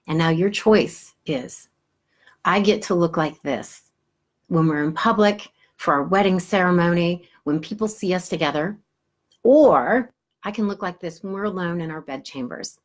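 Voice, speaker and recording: A woman storyteller lends her voice to a mysterious old crone from a forest tale. The crone speaks low and hushed with a knowing, unhurried calm. The voice sits a little lower than the teller's own. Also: lightly acted.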